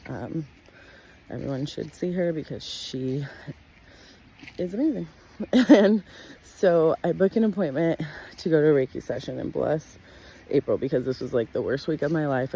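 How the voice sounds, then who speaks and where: A woman's voice: moderate pace, a little hiss or hum. Blunt, candid woman telling her story. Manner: blunt and profane, with frequent "like" fillers; animated, jumps in pitch when acting out her own past words. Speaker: wellness practitioner sharing her life story. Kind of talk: candid personal storytelling to camera.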